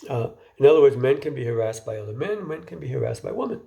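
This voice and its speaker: Mellow-voiced man giving a casual lecture. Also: medium pitch, expressive, fast talker, creaky. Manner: conversational, repeats words when restarting; asks the listener questions. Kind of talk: informal lecture.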